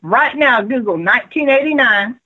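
Caller, husky and insistent, lively pitch, tinny phone line. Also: male voice, normal speed. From Texas. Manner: insistent, rambling.

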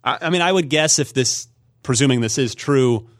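A man hosts a relaxed gaming news podcast in an easy conversational way. He rambles a little, circles back on his points and fills gaps with "uh" and "you know." He sits close to the mic in a dry, dead room. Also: mid-range voice, moderate pace, no echo. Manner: rambling, thinks aloud with fillers. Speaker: podcast host. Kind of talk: casual gaming news chat.

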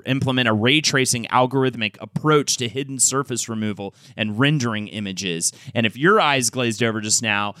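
A man co-hosting a casual podcast, talking in an excitable, rambling way. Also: medium pitch, no room sound. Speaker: podcast co-host.

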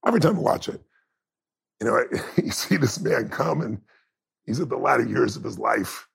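Gravelly, husky, impassioned man. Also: medium pitch, expressive, moderate pace. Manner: emotional, impassioned, emphatic. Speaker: interview guest. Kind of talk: heartfelt conversational storytelling.

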